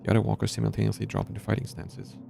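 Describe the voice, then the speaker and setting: A man's voice: lowish voice, monotone, rapid-fire, vocal fry. A man streaming a narrative game, reading the story aloud and making casual asides in between.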